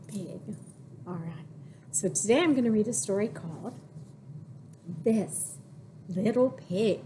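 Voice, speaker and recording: A woman librarian leading a baby storytime, singing rhymes and reading a picture book in an exaggerated, playful voice with sudden high squeals. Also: noisy background. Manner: slow, drawn-out and sing-song. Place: public library.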